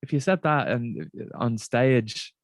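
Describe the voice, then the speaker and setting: A man, a comedian guest in casual chat, halting and repeating words, colloquial and swearing. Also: mid-range voice, very animated, gravelly, no room sound, studio quality.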